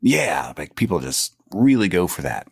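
A man's voice: low voice, very animated, normal speed, vocal fry, breathy edge. A man co-hosting a podcast, joking and riffing casually with laughing asides. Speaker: podcast co-host. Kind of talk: casual chat.

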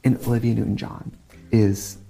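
A man's voice: mid-range voice, flat delivery, creaky, dark tone, soft background music, low-quality recording. A man co-hosting a casual comedy chat, playful and bantering. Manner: playful, quick banter with put-on accents. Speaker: co-host.

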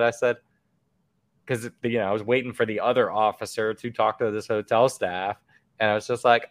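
A man in his thirties tells a story as a podcast guest, laughing at himself and playing out each quoted line. His voice is smooth and resonant. It sounds dry and close to the mic. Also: lowish voice, flat delivery, normal speed, dry recording. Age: 30s. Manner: laughing, self-deprecating, acts out quotes. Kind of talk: casual storytelling.

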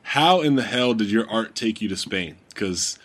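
A man's voice: lowish voice, lively intonation, normal speed, a bit bright. A man hosting a podcast, loose and joking, swearing casually as he asks questions. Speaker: podcast host. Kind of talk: casual chat.

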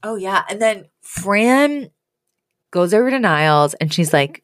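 A woman's voice: medium pitch, animated, measured pace. A woman co-hosting a podcast, chatting casually and animatedly as she retells a sitcom episode and acts out the quotes. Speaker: podcast co-host.

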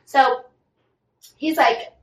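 Speaking very slowly with a fairly bright tone, a young female podcast co-host recaps gossip in casual chat, performing the quotes she relays. She sounds distant and a bit off-mic, in a room with echo.

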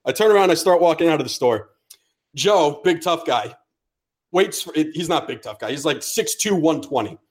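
A male podcast co-host spinning a story in a casual, swearing-heavy way, slipping into the voices of the people in it. His voice sits a little higher than most men's. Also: moderate pace. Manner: profane, animated storyteller acting out dialogue.

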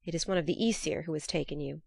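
Woman voicing a scheming male trickster god, formal old-fashioned speech, fairly low voice, dry close sound, storybook reading. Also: quick pace, gravelly, a little mellow, no echo.

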